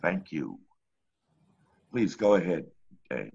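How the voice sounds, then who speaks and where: Deep-voiced host on a dull call line. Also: male voice, very animated, takes it slowly, gravelly, darkish tone. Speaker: open mic host. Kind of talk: casual hosting.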